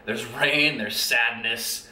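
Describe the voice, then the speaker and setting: A man's voice: mid-range voice, fairly even intonation, slow, sharp tone, slight background noise. A man giving a casual, rant-style movie review in an exasperated, profane and sarcastic way. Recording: roomy echo.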